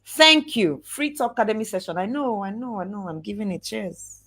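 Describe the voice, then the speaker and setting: A woman giving a lively motivational talk, acting out examples and drawing out words for emphasis. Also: mid-range voice. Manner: animated, acts out examples, slow drawn-out emphasis. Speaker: speaker coaching on networking.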